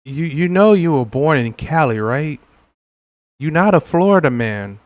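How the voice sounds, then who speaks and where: A man's voice: fairly high pitch, expressive, measured pace. A young adult man streaming gameplay, chatting casually with viewers, joking and laughing often. He is from California. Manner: laughing often, joking, acts out silly quotes. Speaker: gaming streamer.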